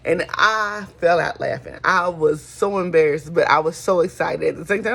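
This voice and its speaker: A woman's voice: deep voice, animated, brisk, creaky, husky. A middle-aged woman, hosting a folksy casual chat and calling listeners honey. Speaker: host.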